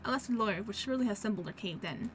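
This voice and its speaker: A woman's voice: mid-range voice, animated, quick pace, noisy background, natural voice. A woman doing a suave male fox investigator.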